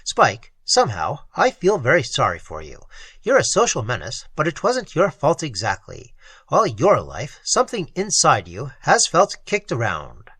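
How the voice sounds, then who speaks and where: A narrator voicing Ted, a gentle and melancholy male salesman who speaks with sad sympathy. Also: mid-range voice, huge pitch swings, normal speed, husky, no room sound, heavily acted. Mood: sorrowful.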